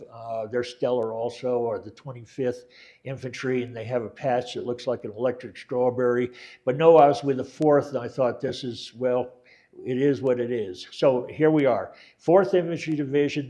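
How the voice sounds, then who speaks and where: A man's voice: mid-range voice, warm tone. Older guy telling war stories, keeps backtracking and fixing his words, dry delivery. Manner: rambling, backtracks and self-corrects, many fillers. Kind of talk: oral history talk.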